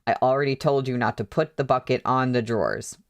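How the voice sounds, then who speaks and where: A man's voice: mid-range voice, brisk, natural voice. A man reading aloud, voicing a stern older brother who scolds curtly. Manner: curt, scolding.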